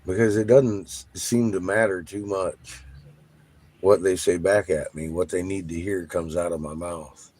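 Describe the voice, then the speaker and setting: Vlogger, male, low husky voice, loose and excitable, swears a lot. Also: measured pace. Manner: animated, laughs often, swears freely. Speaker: channel host. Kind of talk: casual monologue to viewers.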